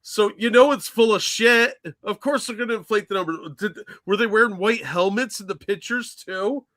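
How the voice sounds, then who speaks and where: Bright-voiced, sardonic man co-hosting. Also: high voice, normal speed. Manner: dismissive, sardonic banter. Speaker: show co-host. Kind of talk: casual political chat show.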